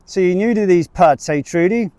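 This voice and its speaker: A man's voice: high-pitched, moderate pace, warm tone, dry recording, voice pushed up, lightly acted. A man voicing a jovial middle-aged male sheep farmer with a New Zealand accent and a cheeky, blustering salesman manner. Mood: hearty.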